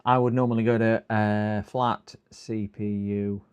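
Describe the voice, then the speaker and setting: In a smooth, fairly low voice with flat, unhurried delivery, a middle-aged UK man chats on his live repair stream. He mutters to himself as he works, responds to viewers, and sometimes groans with exasperation.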